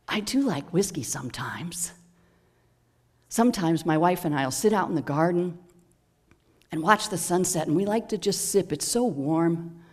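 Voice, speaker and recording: A minister voicing a small, frail old man who speaks in a soft, whimsically high, coaxing voice. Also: natural voice.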